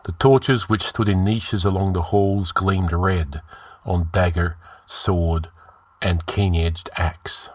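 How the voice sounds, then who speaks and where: A man reading a heroic fantasy story aloud in a measured, dramatic style. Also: deep voice, steady tone, no room sound. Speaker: story narrator.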